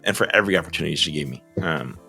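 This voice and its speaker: Earnest low-voiced man, heartfelt story. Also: gravelly, pushed and bright, faint music behind. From Southern California. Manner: earnest and heartfelt, with frequent pauses and fillers. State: emotional, close to tears at times. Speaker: small business owner. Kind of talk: personal storytelling to camera.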